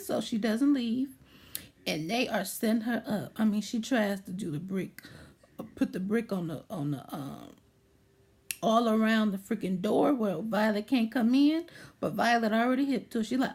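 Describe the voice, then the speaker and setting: A woman's voice: fairly high pitch, normal speed, darkish tone, slightly rough. A woman vlogger animatedly retelling a movie plot, checking in with her listener as she goes.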